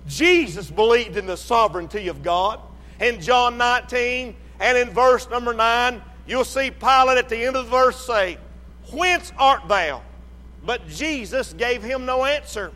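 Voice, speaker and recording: Slow, high-voiced preacher in a reverberant hall. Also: male voice. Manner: slow, emphatic preaching that rises to shouts and drops low. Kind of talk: sermon.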